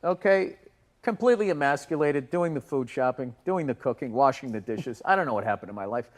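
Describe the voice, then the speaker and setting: A man in his fifties co-hosting a casual comedy podcast, ranting loudly and profanely and acting out the people in his stories. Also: mid-range voice, lively intonation, fairly quick. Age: 50s. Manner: ranting, loud, profane, acts out other people's voices. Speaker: podcast co-host.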